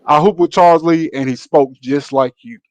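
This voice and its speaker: A man's voice: fairly high pitch, normal speed, no room sound. A man from Alabama co-hosting a sports debate, persistent and repeatedly trying to cut in.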